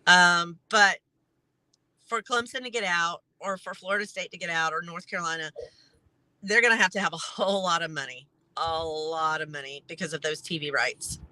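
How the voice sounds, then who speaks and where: A woman giving her take in a casual panel chat, chatty and quick to laugh. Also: fairly low pitch, sharp tone, no room sound, low-quality recording. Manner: chatty, laughs often, loose phrasing. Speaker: panel guest.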